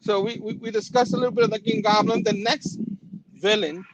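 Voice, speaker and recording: A man hosting a casual comic-book chat show, animated and laughing often, with a habit of saying "you know what I'm saying.". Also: high voice, brisk. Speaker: podcast host. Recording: noisy background.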